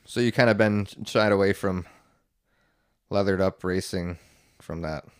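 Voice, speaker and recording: Deep-voiced man asking easy questions. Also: a little slow, smooth, dry recording, studio quality. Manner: easygoing, asks short questions. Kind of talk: casual chat.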